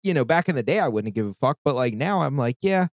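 A man's voice: medium pitch, animated, quick pace, dry recording. A man in his thirties, hosting a podcast in casual chat and telling a story in a heated, profane rant. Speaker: podcast host.

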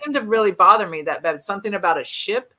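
A woman co-hosting a podcast, telling stories in an animated way. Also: medium pitch, fast talker. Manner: animated storyteller. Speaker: podcast co-host. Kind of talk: casual chat.

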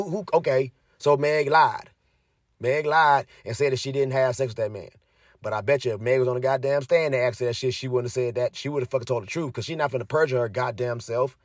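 A young man with a medium-pitched voice rants heatedly at his viewers, swearing a lot and repeating himself as he gets more and more fired up. The commentator's casual tirade is recorded with studio quality and no echo.

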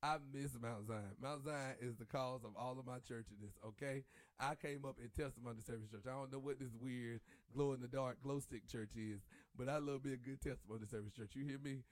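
A man hosting a casual talk show, animated and preachy, breaking into bits of gospel song. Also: mid-range voice, fairly quick, dry recording. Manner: animated, preachy, sings church lines. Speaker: podcast host. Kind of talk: casual chat.

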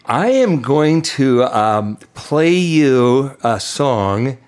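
A man's voice: mid-range voice, big pitch swings, drawn-out words, a little mellow, smooth. A man co-hosting a music radio show, chatting casually and teasing his partner as he introduces a song.

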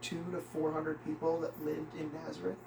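A man's voice: fairly high pitch, monotone, moderate pace, vocal fry. A man in a casual Bible study group chatting in a rambling way, filling his talk with "like.". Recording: distant, echoey, noisy room.

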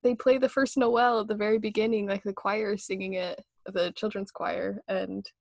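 A woman's voice: mid-range voice, flat delivery, moderate pace, creaky, no echo, dull audio. A young woman hosting a casual film podcast, gushing about a film, laughing often and filling her talk with "like". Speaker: podcast host.

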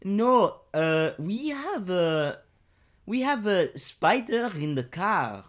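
A man voicing a flustered middle-aged mum with a French accent, pleading in halting bits full of hesitations. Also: sits high, very animated, pitched above the performer's own voice, full character voice.

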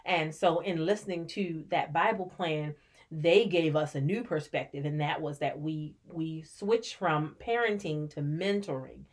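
A middle-aged woman talking about parenting in a relaxed podcast conversation, reflective and storytelling, laughing now and then. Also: low voice, measured pace. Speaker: podcast co-host and mother. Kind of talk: casual conversation.

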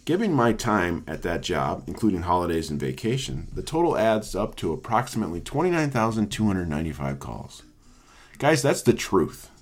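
A man in his thirties, a salesperson, reading a humorous personal essay aloud in a wry, self-mocking way. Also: sits low. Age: 30s. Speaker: salesperson and blogger.

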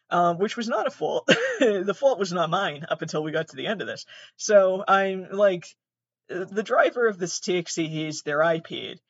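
A woman's voice: lowish voice, dry recording. A young woman rambles through a self-mocking anecdote, swearing freely and restarting her sentences as she goes. Her voice is recorded dry and close, with a slightly dull, muffled tone. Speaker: podcast host. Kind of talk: casual storytelling monologue.

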